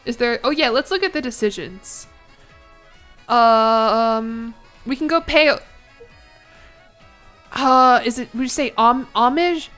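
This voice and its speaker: A fairly high-voiced woman streaming a game and chatting easily with her viewers. She muses out loud and answers chat on the fly, with giggly asides. Soft game music sits faintly underneath. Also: takes it slowly, long pauses.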